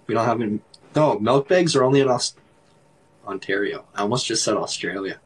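A man's voice: fairly low pitch, brisk, husky, poor audio. A man with a Canadian accent chatting casually on a livestream, laid-back and laughing often, with lots of "like". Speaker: livestream host.

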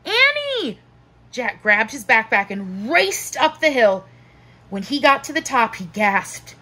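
A woman teacher narrating a children's book aloud in a slow, expressive storytelling manner. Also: a little high, slightly rough, low-quality recording.

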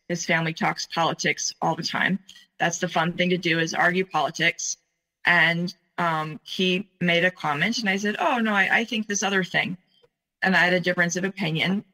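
A woman in her forties, a guest telling her own story in conversation, speaking in a halting, earnest way with many fillers. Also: on the low side, bright, forceful tone, low-quality recording. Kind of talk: personal account in conversation.

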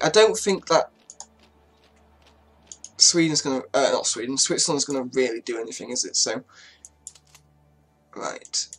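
A man giving casual, chatty commentary on a strategy game, swearing freely and talking to his units as he moves them. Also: mid-range voice. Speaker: gaming YouTuber.

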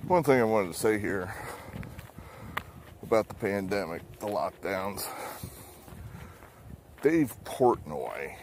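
Walking outdoors through a neighborhood, a man films himself on a handheld phone giving rambling, blunt political commentary laced with swearing and fillers. His voice is low-pitched, he's slightly out of breath, and there's noise in the background.

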